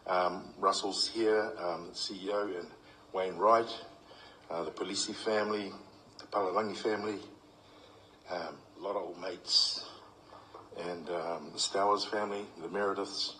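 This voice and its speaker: Deep-voiced New man giving a eulogy. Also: fairly even intonation, a little slow, pushed and bright, slight background noise, low-quality recording. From New Zealand. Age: middle-aged. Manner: heartfelt, humorous storytelling with acted quotes. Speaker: eulogy speaker. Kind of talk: funeral eulogy.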